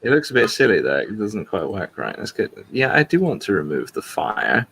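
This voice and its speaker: A man's voice: lowish voice, wildly swooping pitch, brisk, gravelly, fairly bright tone, slight background noise. A man hosting a livestream, chatting casually and rambling a little. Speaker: livestream host. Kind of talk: casual chat.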